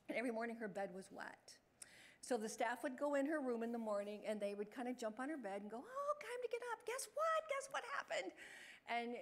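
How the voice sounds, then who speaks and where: Fast-talking woman giving staff training. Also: fairly high pitch. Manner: fast, chatty, acts out example lines in a bright voice. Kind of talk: in-service training talk.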